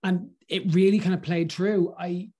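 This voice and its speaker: An Irish man, a podcast guest, chatting in an animated, gushing way and stumbling over his words as he gets excited. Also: high-pitched, moderate pace, breathy edge. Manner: gushing and animated, with lots of restarts. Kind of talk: casual film review chat.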